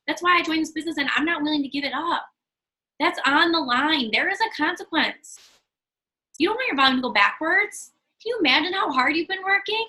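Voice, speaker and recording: A woman's voice: high voice, bright, forceful tone, poor audio. A woman leading her sales team in an emphatic motivational talk, repeating her key points. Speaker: team leader of a sales business.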